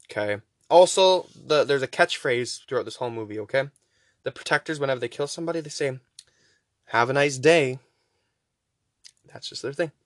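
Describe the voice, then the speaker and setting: A young man hosting a podcast, casually rambling through a movie recap with profanity and quick voice impressions. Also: medium pitch, no echo, clean studio sound. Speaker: podcast host.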